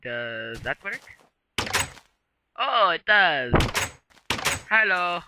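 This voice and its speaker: A man's voice: on the high side, lively intonation, slow, pauses often, background noise. A man giving rambling casual commentary while playing a game, chatting to creatures and swearing mildly under his breath. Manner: rambling, talks to game creatures, mild self-censored cursing. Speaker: gameplay video maker.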